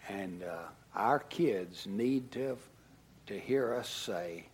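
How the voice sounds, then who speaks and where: A middle-aged pastor preaching a sermon, telling a family story and dropping from hushed asides to loud outbursts. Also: male voice, fairly low pitch, animated, slow, slight background noise.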